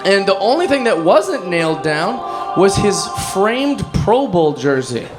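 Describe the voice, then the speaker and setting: Comedian, male, high voice, rambling self-mocking storyteller, music behind. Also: very animated, measured pace. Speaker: stand-up comedian. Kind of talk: stand-up storytelling.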